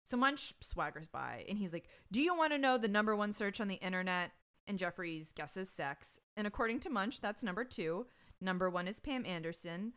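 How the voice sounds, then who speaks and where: A woman co-hosting a podcast, recapping a TV episode in expressive casual chat with some swearing. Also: mid-range voice, normal speed, smooth. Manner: bright, expressive, swears freely. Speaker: podcast co-host.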